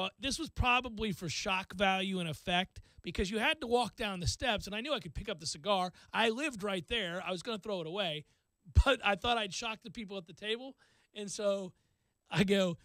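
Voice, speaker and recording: A male radio host telling a self-deprecating story in casual talk, acting out quotes with lively energy. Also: sits high, fairly quick, no echo.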